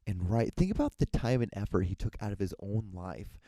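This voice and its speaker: Rambling low-voiced man, dry close sound. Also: big pitch swings, brisk, dark tone, no echo. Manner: rambling, restarts often, swears casually. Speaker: podcast host. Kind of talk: rambling solo podcast monologue.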